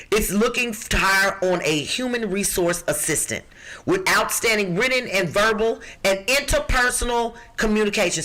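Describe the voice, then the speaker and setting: A woman from Chicago reading out job listings on a podcast in a rough, low voice, emphatic and bossy. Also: sharp tone. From Chicago, USA. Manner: emphatic, bossy, talks back to co-hosts. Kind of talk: lively podcast talk.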